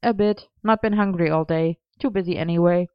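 Woman reading as tired young man, scratchy, soft and drained, storybook reading, muffled dry sound. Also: fairly low pitch, brisk, clear, resonant tone, no room sound, lightly acted. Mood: cheeky. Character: weary young man, cheeky and worn out. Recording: dull lo-fi dry recording.

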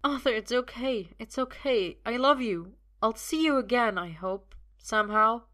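A woman's voice: on the high side, expressive, measured pace, voice pushed up. A woman reading the part of a wounded young man who speaks fiercely and bravely, and tenderly to the one he loves. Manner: fierce, then tender and gentle. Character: injured, brave young man facing death.

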